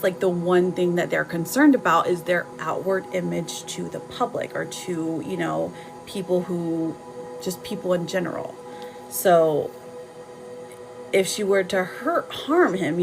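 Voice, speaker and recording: A woman giving casual tarot readings on a live stream, chatting warmly with viewers and laughing often. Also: lowish voice, steady tone, unhurried, vocal fry, over music, poor audio.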